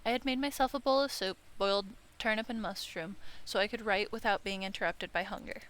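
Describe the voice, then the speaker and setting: A woman's voice: medium pitch, brisk, fairly bright tone. A woman playing a visual novel, reading the narration aloud with casual remarks, stumbling and correcting herself. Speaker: let's-play streamer. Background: game music.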